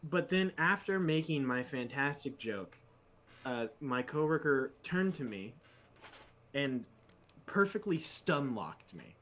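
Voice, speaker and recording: A man co-hosting a tabletop game podcast in casual chat, telling an exasperated story with big jumps in pitch. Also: very animated, slow pace, a bit bright, slight background noise. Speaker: podcast co-host.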